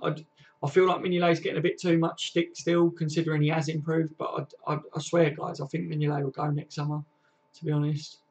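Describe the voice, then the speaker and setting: A man's voice: a little high, level tone, fairly quick, darkish tone. A man hosting a casual football fan live stream, reading viewer comments and chatting in a slangy, friendly way, calling everyone mate and lads. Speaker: football fan channel host.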